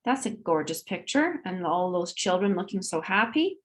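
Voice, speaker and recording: A woman's voice: fairly low pitch, sing-song, moderate pace. A middle-aged woman on a video call, presenting a school assembly in an upbeat, encouraging way. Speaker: school administrator hosting an assembly.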